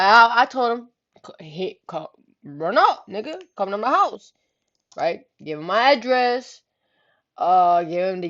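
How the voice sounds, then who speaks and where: A woman with a mid-range voice tells a story in loose, rambling talk, heavy on slang and curse words. She keeps checking in with the listener as she goes. The recording is slightly muffled and lo-fi. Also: medium pitch. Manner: slangy, profane, repeats "you know what I'm saying".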